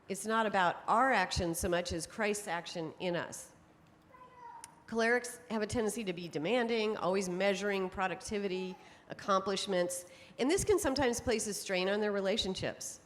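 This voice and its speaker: A middle-aged woman giving a conference talk to an audience, telling stories in a lively way and laughing often. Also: medium pitch, normal speed. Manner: lively storytelling with frequent laughs. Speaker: speaker on temperament psychology. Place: conference hall. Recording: long hall reverb.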